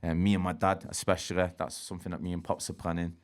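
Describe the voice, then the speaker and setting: A man's voice: deep voice, level tone, fast. A man, a guest telling street stories in a slangy, swearing style and acting out quotes. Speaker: interview guest. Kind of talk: casual storytelling.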